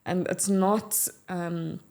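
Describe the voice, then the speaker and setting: A woman from South Africa with a South African English accent, co-hosting a podcast and talking frankly and in a measured way about her own experience. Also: fairly low pitch, steady tone, vocal fry, a little mellow. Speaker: podcast co-host. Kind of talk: candid conversational podcast chat.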